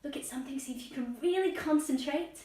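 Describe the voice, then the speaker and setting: A woman's voice: high-pitched, fast, warm tone, recorded from a distance. A woman leading a guided children's yoga lesson at home, playful and encouraging, with silly animal noises. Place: room at home with plants. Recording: echoey room, voice off-mic.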